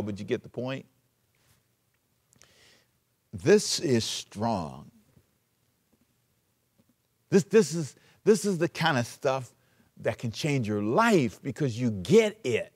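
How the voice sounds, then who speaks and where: A man preaching a sermon as pastor, emphatic, switching between loud urging and quiet asides. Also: mid-range voice.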